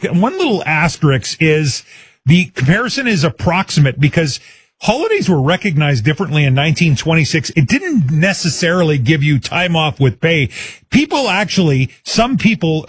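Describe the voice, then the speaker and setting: A man's voice: fairly high pitch, breathy edge, dry recording, studio quality. A man hosting a live call-in radio quiz show, chatty and upbeat, taking listener guesses. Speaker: radio talk show host.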